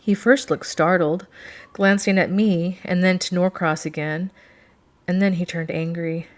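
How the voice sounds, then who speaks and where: Low-voiced woman narrating a novel. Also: fairly even intonation, a little slow. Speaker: audiobook narrator. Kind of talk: first-person novel narration.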